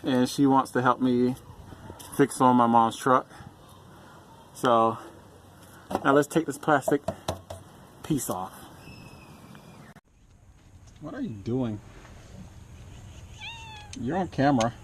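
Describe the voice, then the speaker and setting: Guy doing an oil change on camera, slow easy talk, keeps saying oh my god, faint hiss behind. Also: medium pitch, fairly bright tone. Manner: exclaiming, chatty, talks to his cat. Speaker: DIY car vlogger. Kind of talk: casual talk while working.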